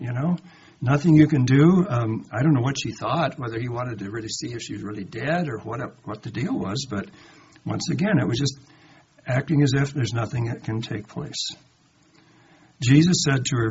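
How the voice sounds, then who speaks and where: A man of middling pitch leads a conversational Bible study, reading a passage and then stopping to ask his listeners rhetorical questions. He acts out the quoted lines with lively emphasis. The recording is dull and lo-fi, with a faint hiss of background noise behind him. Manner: reads verses aloud then comments with rhetorical questions. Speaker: Bible teacher.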